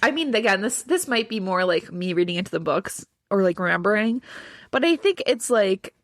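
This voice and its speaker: Woman, podcast co-host, casual chat, animated, rambling, lots of fillers. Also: medium pitch, normal speed. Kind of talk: casual chat recapping a TV episode.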